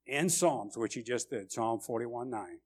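A man preaching a sermon with passion, swelling loud on key phrases and repeating lines for emphasis. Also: medium pitch, unhurried, husky.

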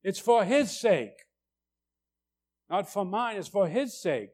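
Male preacher, slightly high voice, slow and deliberate, emphatic sermon delivery. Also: very animated, darkish tone. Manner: emphatic, repeats "right?" to check in with listeners; slow, deliberate delivery with rising, urgent stresses.

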